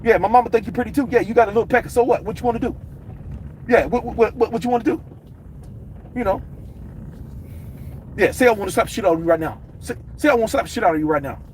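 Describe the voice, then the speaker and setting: A man doing an impression of a brash, hot-tempered heavyweight boxer who yells profane taunts and swaggering boasts. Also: high-pitched, quick pace, pauses often, slight background noise, voice pushed up, natural voice. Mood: taunting.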